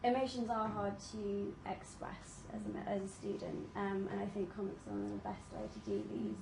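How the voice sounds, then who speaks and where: A woman, a medical student, giving a reflective, hesitant presentation with many pauses and ums. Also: mid-range voice, lively intonation, gravelly. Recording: echoey room with audible noise.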